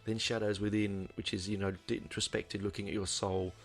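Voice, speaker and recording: Low, gravelly man rambling about an album. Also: flat delivery, brisk. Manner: rambling, many fillers and restarts. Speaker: podcast host. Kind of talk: casual album review monologue.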